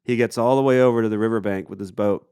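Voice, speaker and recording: A man from Appalachia, a musician telling a story in a casual interview, relaxed and full of fillers. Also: on the low side, fast, clean tone, no room sound, clean studio sound. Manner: relaxed anecdotal, with fillers and acted-out quotes. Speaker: musician guest. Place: festival recording booth.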